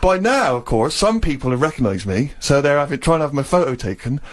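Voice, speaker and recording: A man's voice: medium pitch, animated, fairly quick. A man telling a self-deprecating story on a radio show. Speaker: radio co-host. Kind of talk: casual radio banter, anecdote.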